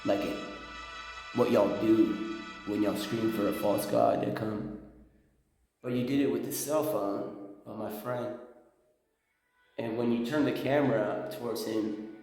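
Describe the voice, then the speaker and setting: Guy rambling a storytime, lots of restarts, super echoey room, bit of music under it. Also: a little mellow. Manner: rambling, restarts, drops to low intense tone. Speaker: vlogger.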